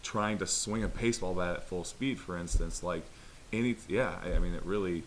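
A man's voice: sits low, a little fast, a little hiss or hum. A man talking casually on a podcast, rambling through many fillers and restarts. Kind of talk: casual chat.

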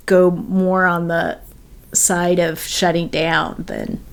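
A woman's voice: lowish voice, flat delivery, slow, smooth. A woman co-hosting a podcast, talking things through thoughtfully with hesitant fillers and light laughs. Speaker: podcast co-host. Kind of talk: casual chat.

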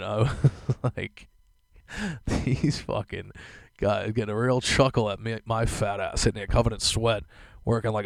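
A man's voice: lowish voice, gravelly, dry recording. Profane, rambling young man, dry close sound. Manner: profane, rambling, laughs often. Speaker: podcast host. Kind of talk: casual solo podcast rant.

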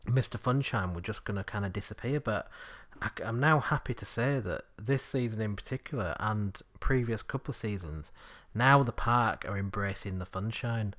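Yorkshire male host, casual and keen, low-middle register. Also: normal speed, a bit bright. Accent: Yorkshire English. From Yorkshire, England. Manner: chatty, enthusiastic, laughs often. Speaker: podcast host. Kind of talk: casual chat.

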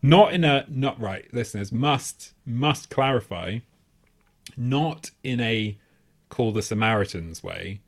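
A man in his thirties spins a rambling, sweary story on a podcast, his pitch bouncing all over as he goes. He keeps undercutting himself and breaking into laughter. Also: animated, takes it slowly. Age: 30s. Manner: rambling, sweary, self-mocking, laughs a lot. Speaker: podcast co-host. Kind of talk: casual comedic storytelling.

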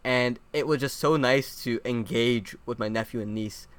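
A man co-hosting a podcast, telling personal stories in a relaxed, hesitant way. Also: medium pitch, normal speed, clear, resonant tone, no echo. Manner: relaxed storyteller, hesitant with fillers. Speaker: podcast co-host. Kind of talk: casual chat.

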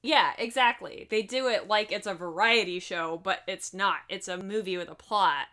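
A woman's voice: medium pitch, moderate pace, pushed and bright. Woman podcaster telling a movie plot, casual, laughs a lot, swears some. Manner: breezy, profane, laughs often. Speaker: podcast co-host. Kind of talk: casual movie recap chat.

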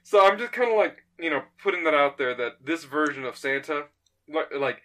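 A man in casual chat, rambling and animated, retelling a story with frequent laughs. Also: a little high, moderate pace.

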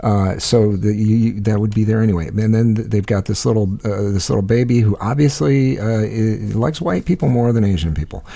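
A middle-aged man chatting casually on a podcast, blunt and profane, pausing often with "uh". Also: on the low side, gravelly, dark tone. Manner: blunt, profane, hesitant with many uh's. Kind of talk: casual chat.

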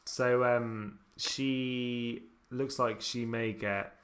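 A man's voice: medium pitch, fairly even intonation, drawn-out words, fairly bright tone, clear, resonant tone. A man, co-hosting a casual chat with dry wit. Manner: dry wit, chatty with fillers. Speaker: podcast co-host.

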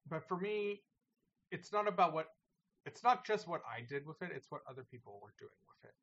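A man on a games podcast, earnestly laying out why he likes what he plays. His voice is a little high and comes through muffled and lo-fi. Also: lively intonation, fairly quick, a bit bright. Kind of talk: casual podcast chat.

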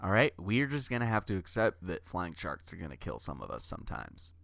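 A man co-hosting a comedy podcast, delivering absurd bits in a deadpan, mock-serious way. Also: deep voice, a little fast, gravelly, no room sound. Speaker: podcast co-host. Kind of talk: comedic improvised banter.

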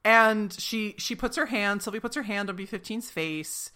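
A woman's voice: mid-range voice, normal speed, bright, forceful tone. A woman in her thirties co-hosting a casual show recap, chatty and retelling scenes in playful quoted voices. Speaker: podcast co-host recapping a TV episode.

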